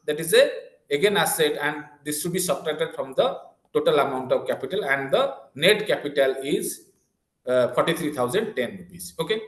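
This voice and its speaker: Lecturer with a roomy echo. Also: male voice, fairly high pitch, a bit bright. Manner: explains step by step, repeats key points, checks "clear?" and "okay". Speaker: commerce lecturer. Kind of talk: online class lecture. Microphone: video call.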